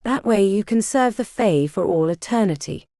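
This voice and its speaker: A woman's voice: mid-range voice, animated, moderate pace, mellow, no room sound, clean studio sound, lightly acted. A woman voicing a corrupted male fae green man in an audiobook, speaking in a cold, threatening way. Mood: menacing.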